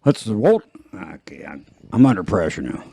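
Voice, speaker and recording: A man's voice: sits low, sing-song, normal speed, vocal fry, mellow, husky. A man, hosting a podcast in a loose, rambling, jokey way and laughing at his own jokes. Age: 50s. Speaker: podcast host. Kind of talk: casual chat.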